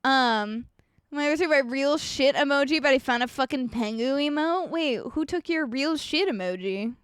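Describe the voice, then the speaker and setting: Young woman streamer, high and dry-sounding, foul-mouthed and animated, reads her chat. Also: moderate pace, no room sound. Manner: animated, swearing, ranting storyteller; reads and answers chat messages. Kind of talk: casual live-stream chat.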